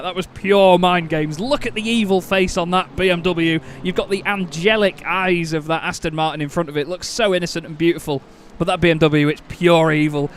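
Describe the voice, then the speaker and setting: A man with a Northern English accent doing excitable, jokey live sim racing commentary, quick to laugh and exclaim. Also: sits high, slight background noise.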